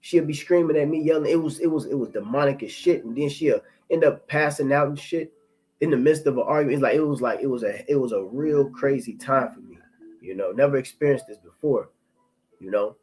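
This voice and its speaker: In a rough recording, a man with a medium-pitched, slightly mellow voice gives an informal testimony. He rambles and swears, repeats words and starts over, and slows down when reading scripture aloud.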